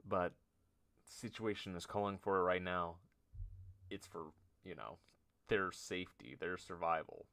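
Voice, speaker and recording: A man streamer improvising a story aloud, halting and nervous, often trailing off and poking fun at himself. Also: low-pitched, sharp tone, smooth. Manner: halting, nervous, self-deprecating.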